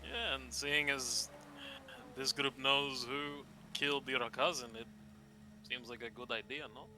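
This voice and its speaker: A man's voice: mid-range voice, fairly even intonation, unhurried, background noise. A man playing a tabletop role-playing game, talking in a hesitant, stammering way with sighs. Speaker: player. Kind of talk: casual tabletop role-play.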